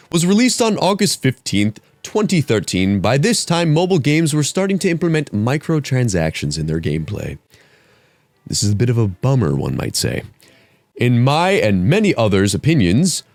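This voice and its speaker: A young man mock-grading an essay in a profane, theatrical comedic rant, his voice jumping very high when excited. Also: moderate pace, no room sound, faint music behind. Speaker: comedy YouTuber.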